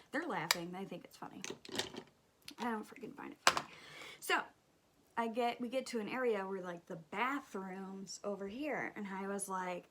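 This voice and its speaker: A young woman tells a story while she does her makeup on camera. She talks in an animated, casual way, swears freely and drops to a whisper at times. Her voice sits at a middle pitch. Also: a little slow. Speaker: beauty vlogger.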